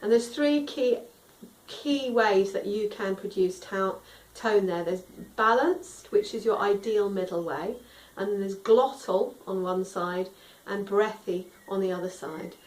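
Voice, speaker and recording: Her mid-range voice moves at a measured pace as she teaches singing, explaining vocal tone kindly and instructively while demonstrating sung tones. She sits far from the microphone, slightly off mic, in an echoey room.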